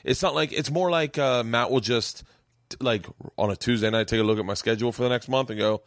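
A man's voice: medium pitch, a little fast, no room sound, studio quality. A man hosting a podcast, a comedian telling a story in casual chat, rambling with many restarts and swearing freely. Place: home man cave.

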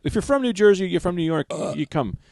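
A man's voice: high-pitched, lively intonation, fast talker, vocal fry, darkish tone, no echo. A man co-hosting a podcast, a stand-up comedian talking in loose, rambling, jokey banter. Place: small podcast studio. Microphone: studio podcast mic.

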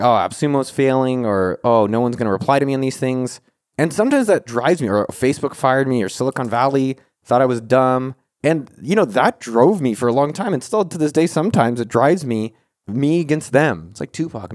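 A man's voice: medium pitch, a little mellow, no room sound, clean studio sound. A man hosting an advice podcast, talking casually, joking and swearing as he gives pep talks. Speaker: podcast host.

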